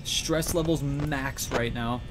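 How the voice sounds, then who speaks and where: Speaking slowly in a mid-range voice, a streamer plays a horror game live, over background game music and sounds. They panic, curse and giggle nervously, pausing between scares to greet chat.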